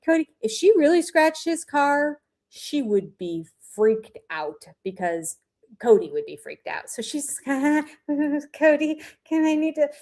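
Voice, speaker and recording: A woman's voice: high voice, sing-song, slow, a little mellow. An older woman hosting a reaction commentary, skeptical and scoffing, laughing often, on a laptop mic. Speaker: reaction host.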